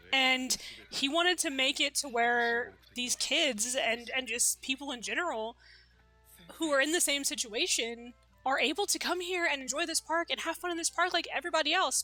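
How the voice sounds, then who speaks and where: A woman reacting to an anime episode in casual, chatty commentary. Her voice is high and bright. She talks loosely and fills her sentences with "like" and "you know".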